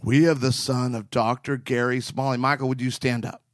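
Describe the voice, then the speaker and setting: A middle-aged man chats in a lively storytelling way, slipping into quick impressions of the people he quotes. His voice sits at an ordinary middle pitch, recorded close and dry with no room sound. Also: dry recording. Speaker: podcast co-host and marriage counselor. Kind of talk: casual storytelling chat.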